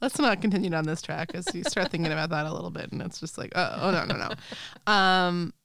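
A woman's voice: lowish voice, quick pace, vocal fry, a bit bright, no echo, clean studio sound. Laughing woman podcast host. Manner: bubbly, laughs often. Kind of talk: casual chat.

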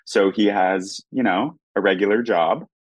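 A man's voice: on the low side, measured pace, dry recording. A man, an actor and producer, chatting animatedly as a guest, with lots of restarts. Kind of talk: casual interview chat.

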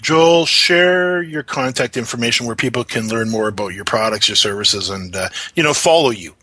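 Male podcast host, bright forward voice, dry close sound, long winding questions. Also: mid-range voice, lively intonation, normal speed, no echo. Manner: rambling questions with frequent restarts. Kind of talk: interview hosting.

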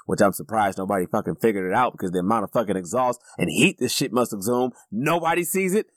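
A man co-hosting a casual movie review podcast, talking in an animated way, laughing often and swearing casually. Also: fairly low pitch, brisk, few pauses, dry recording, clean studio sound. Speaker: podcast co-host.

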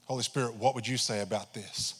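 Man pastor, mid-pitched, animated sermon storyteller, church reverb. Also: fairly quick, breathy edge. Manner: animated storytelling, acting out his own prayers. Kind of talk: sermon testimony.

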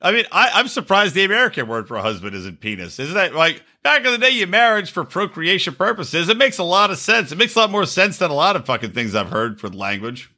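Bright, animated man riffing on a podcast. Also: high voice, fast talker, hardly any pauses. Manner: animated, profane, laughing storyteller. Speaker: podcast co-host. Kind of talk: casual comedic show-review chat.

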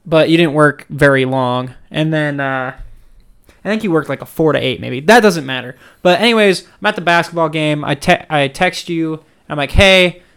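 A young man co-hosting a casual podcast, telling a funny story in a lively way and acting out what people said. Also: fairly high pitch, normal speed, smooth. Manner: laughing, lively storyteller who acts out quotes. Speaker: podcast co-host.

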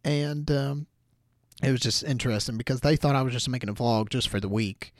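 A man's voice: medium pitch, brisk, dry recording, clean studio sound. A young man hosting a podcast, telling a story in a rambling casual way full of "like" and "you know". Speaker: podcast host.

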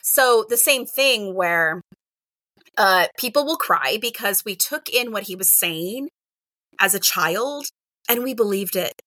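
A middle-aged kindergarten teacher chats casually in an interview, animated and acting out quoted exchanges peppered with "like" and "right?". Her voice is mid-range and slow, with no room sound.

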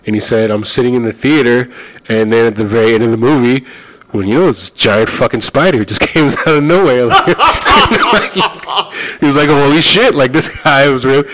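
A man's voice: mid-range voice, normal speed, slight background noise. Man telling a story, laughing. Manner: animated anecdote-telling, swearing, laughing, quoting others. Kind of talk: casual storytelling chat.

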